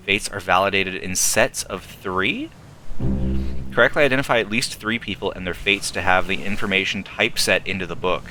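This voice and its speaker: A man's voice: low-pitched, moderate pace, over music. A man playing a game and thinking aloud in casual commentary, working through clues step by step. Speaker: let's play host. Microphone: desktop streaming mic with filters.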